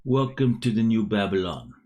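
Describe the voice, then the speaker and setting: A man voicing a middle-aged male orc shopkeeper in a deliberately bad Jamaican accent, laid-back and drawling. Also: lowish voice, very animated, mellow, pitched above the performer's own voice. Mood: welcoming. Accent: bad Jamaican put-on.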